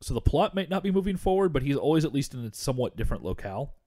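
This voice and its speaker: A man's voice: medium pitch, sing-song, warm tone. A man co-hosting a casual movie commentary podcast, amused and enthusiastic. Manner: enthusiastic, amused, quick to laugh. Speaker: podcast co-host.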